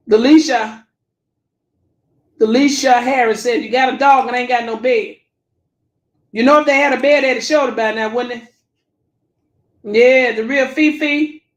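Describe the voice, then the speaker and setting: A woman hosting a casual commentary livestream reads viewer comments, bluntly and preachily repeating herself with Southern Black vernacular phrasing. Her voice is high-pitched and the sound is roomy.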